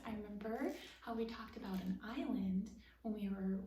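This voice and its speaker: A woman reading a children's picture book aloud at storytime, softly, and dropping into whispered asides to explain the pictures. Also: medium pitch, lively intonation, a little slow. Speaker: storytime reader. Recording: roomy, distant, faint hiss.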